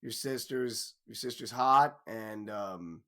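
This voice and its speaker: A man's voice: lowish voice, slow pace, sharp tone. A young man co-hosting a podcast in crude, joking casual chat, laughing often. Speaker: podcast co-host.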